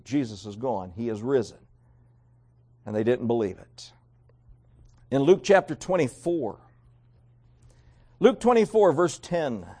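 A man preaching a sermon, reading King James scripture and swinging between raised emphasis and quiet, low endings. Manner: reads scripture aloud in King James wording. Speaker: pastor.

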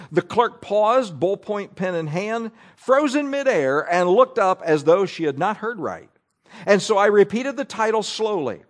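A man with a high voice delivers a sermon. He reads a long passage aloud with deliberate care and breaks off now and then to add quick asides to his listeners. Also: lively intonation. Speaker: preacher. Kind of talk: sermon, reading scripture and an article aloud.

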